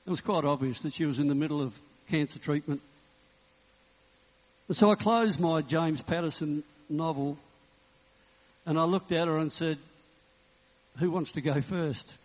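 In a reverberant hall, a Baptist preacher in his sixties tells his sermon with easygoing humor, like a conversation, then closes in prayer. His voice is on the high side.

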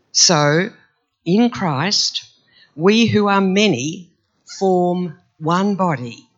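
A man reads scripture aloud with a slightly croaky voice, pitched high and paced slowly. His delivery is measured and earnest, in the manner of a church Bible reading. The recording sounds a little dull and lo-fi. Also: fairly bright tone. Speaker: scripture reader.

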